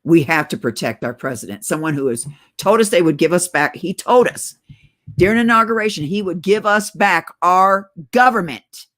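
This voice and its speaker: A middle-aged woman with a somewhat low voice talks straight to her viewers in a casual vlog rant. She is short of breath from being on oxygen, and her tone stays urgent and conspiratorial as she keeps calling them guys. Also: expressive, moderate pace, fairly bright tone. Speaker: political video blogger. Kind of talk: casual direct-to-camera rant.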